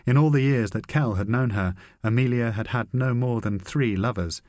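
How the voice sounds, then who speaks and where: A man narrating a spy novel audiobook in a measured, even reading. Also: mid-range voice, no echo, clean studio sound. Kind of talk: scripted narration.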